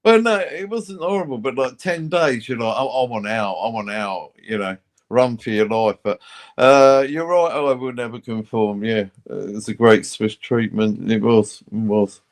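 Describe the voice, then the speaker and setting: A man's voice: mid-range voice, normal speed. A man chatting casually on a live stream, telling rambling stories, swearing and acting out other people's voices. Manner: rambling storyteller, swears, acts out quoted voices. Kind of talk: casual chat.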